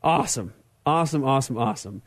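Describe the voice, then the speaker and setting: A man hosting a talk radio show, upbeat and quick, laughing easily between remarks. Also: mid-range voice, animated, no echo. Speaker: radio show host and pastor.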